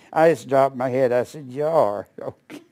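A man's voice: mid-range voice, fairly even intonation, unhurried, mellow. An older man teaching a Bible study in a folksy, rambling way, with asides and small chuckles.

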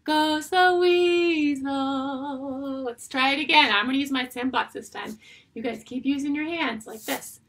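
A woman's voice: sits high, sharp tone. Sing-song woman teaching a toddler music class. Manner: slow, sing-song, drawn-out phrasing for little kids. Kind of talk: online music class for young children.

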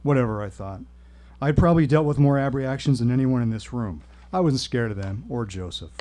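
A man telling a personal story at a live reading, with wry, deadpan humor. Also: medium pitch, a little fast. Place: stage at a live show.

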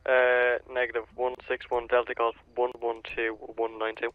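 A man playing a police officer reading a plate over radio, in measured procedure. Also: medium pitch, monotone, no room sound. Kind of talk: radio role-play. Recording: dry tinny radio line.

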